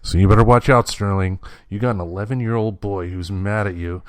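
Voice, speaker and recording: A man's voice: lowish voice, fairly even intonation, a little fast, dry recording. Teasing male podcast host, dry sound. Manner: teasing, joking interviewer. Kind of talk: casual podcast chat.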